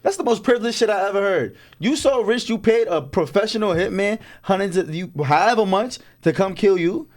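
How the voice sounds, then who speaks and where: A young man co-hosting a podcast, telling stories in a casual, profane, animated way with frequent laughs. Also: high-pitched, a little fast, few pauses. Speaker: podcast co-host. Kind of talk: casual chat.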